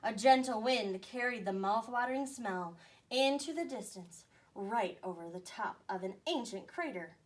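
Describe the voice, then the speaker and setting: A woman teacher reading a picture book aloud to young children with expressive storytelling. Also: a little high, moderate pace. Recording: voice a bit far from the mic.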